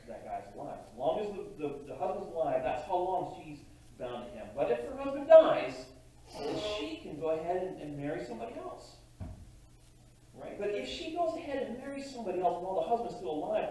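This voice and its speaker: A man preaching a sermon as pastor, in a conversational, halting way with frequent restarts. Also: a little high, mellow. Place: church sanctuary. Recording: distant mic in a very echoey church hall.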